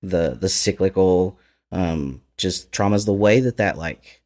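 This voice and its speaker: A man with a low voice and an Appalachian accent speaks as a podcast guest. He talks candidly and thoughtfully about his life, breaking into laughs now and then. The tone stays casual and open. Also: a little slow, a little mellow. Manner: candid, reflective, laughs often.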